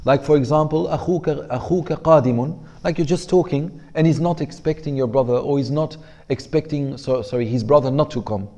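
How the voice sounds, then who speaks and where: A man teaching a class on Arabic rhetoric, explaining in English and reading Arabic passages aloud quickly, relaxed and joking with his students. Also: fairly high pitch.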